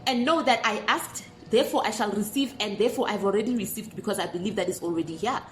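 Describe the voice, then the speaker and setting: A woman giving an unscripted, passionate motivational talk to camera as a manifestation vlogger and mentor, emphatic and close to yelling. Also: fast talker. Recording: echoey room with faint rumble.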